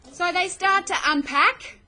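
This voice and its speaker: Slow, bright-voiced woman teacher. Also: very high voice, poor audio. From Australia. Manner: slow, patient, checks understanding with "okay?". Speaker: English teacher. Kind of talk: explaining a play to students.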